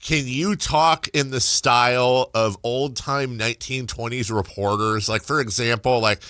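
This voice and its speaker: A man's voice: mid-range voice, fairly even intonation, measured pace, few pauses, sharp tone, no room sound. A man hosting a sports talk radio show, teasing and sarcastic in casual banter at a studio mic.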